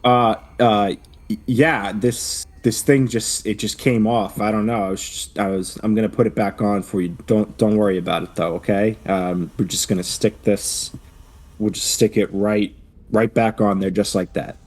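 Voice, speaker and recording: A man playing a clumsy tourist in glasses who stammers to smooth things over. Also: fairly low pitch, steady tone, normal speed, a little mellow, lightly acted. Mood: flustered. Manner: flustered, stammering, brushing things off. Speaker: player.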